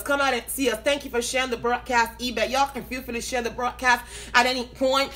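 A woman preacher opening a live broadcast. She greets her viewers by name one after another, sounds excited and laughs often. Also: sits high.

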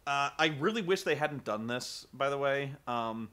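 Bright, animated man ranting about a movie. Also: mid-range voice, moderate pace, smooth. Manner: animated, rambling, lots of fillers and swearing. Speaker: vlogger reviewing a film. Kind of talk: casual profane film rant.

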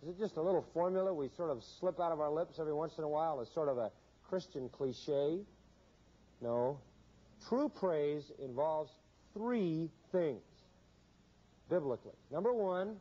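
A male preacher with a fairly high, mellow voice and a heavy cadence that stresses each point. The recording is dull and lo-fi. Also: moderate pace, husky. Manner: emphatic, repetitive preaching cadence with acted quotes. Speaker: pastor. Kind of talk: sermon.

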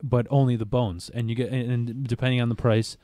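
A man chats casually as a podcast host, his voice mellow and dark. He rambles and stops to restart his sentences often. The sound is dry and close, with no room in it. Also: medium pitch, flat delivery, dry recording. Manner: rambling, halting, with many restarts. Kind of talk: casual chat.

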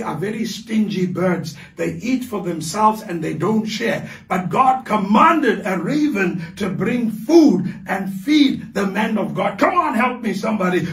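South african pastor preaching hard, high voice, big echoey church, mic kinda far. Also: male voice. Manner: fervent preaching, builds to shouted declarations. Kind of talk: sermon. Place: large church hall. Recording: echoey hall, voice picked up from afar.

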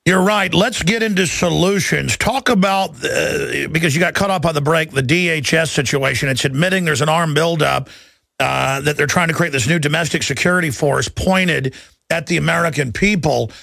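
A man's voice: a little high, moderate pace, gravelly, pushed and bright, no echo. A man hosting a talk radio show, urgent and restless, piling up restarts as he pushes from one point to the next.

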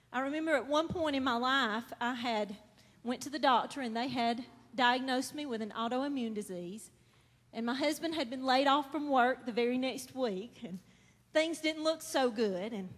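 High-voiced woman giving testimony. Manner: earnest, building to fervent. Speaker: testimony speaker. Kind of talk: emotional church testimony. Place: church hall. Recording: long hall reverb.

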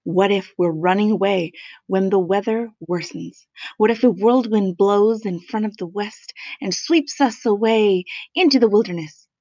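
A woman's voice: mid-range voice, moderate pace, darkish tone, dry recording, lo-fi sound, natural voice. A woman voicing a fretful male weasel who lists his fears anxiously in a storybook reading. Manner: anxious, breathless listing of fears.

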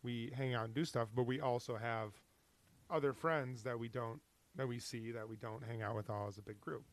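A man's voice: medium pitch, steady tone, normal speed. A man co-hosting a podcast in casual chat, rambling and hesitant with many restarts. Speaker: podcast co-host.

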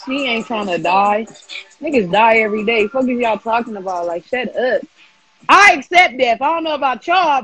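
A woman chatting loudly on a livestream, taunting and laughing in brash slang. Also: a little high, husky, muffled recording. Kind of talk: casual livestream chat.

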